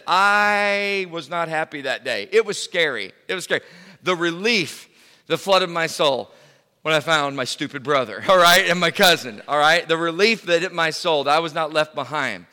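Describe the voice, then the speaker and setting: A middle-aged man preaching a sermon, telling a personal story in an animated way, repeating words and bursting into loud cries. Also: high-pitched, moderate pace. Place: church hall. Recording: reverberant hall.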